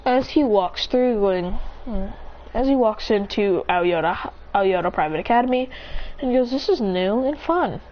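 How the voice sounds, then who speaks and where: A woman narrating an improvised story in a rambling, breathless way, jumping up in pitch to voice the characters. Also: expressive, unhurried, muffled recording.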